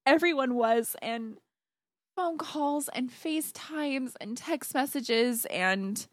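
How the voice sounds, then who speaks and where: A woman's voice: high-pitched, takes it slowly, no room sound. A woman guest on a podcast, talking casually and gushing with emotion, close to tears. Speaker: podcast guest, host's fiancée. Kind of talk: casual chat.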